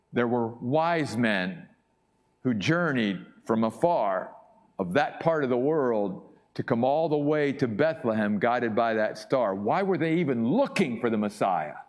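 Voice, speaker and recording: A man preaching a sermon as pastor, emphatic and repeating his key points for weight. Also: medium pitch.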